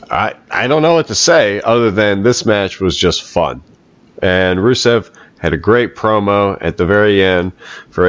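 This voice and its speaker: Deep-voiced upbeat man, dry lo-fi sound. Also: clean tone, no echo. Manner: upbeat, laughs easily. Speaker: podcast co-host. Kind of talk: casual wrestling chat.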